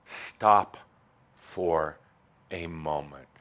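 Animated man giving a playful live talk. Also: a bass voice, drawn-out words. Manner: animated, playful, mildly provocative. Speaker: spiritual teacher. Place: indoor venue with a live audience.

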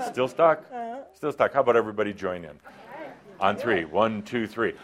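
A man coaching a live workshop audience, his voice swooping up and down with animated pitch. He speaks into a microphone and teases and coaxes the people in the room in a playful way. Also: moderate pace, very noisy. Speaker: workshop leader. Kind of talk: live seminar talk to an audience. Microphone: handheld or clip-on microphone.

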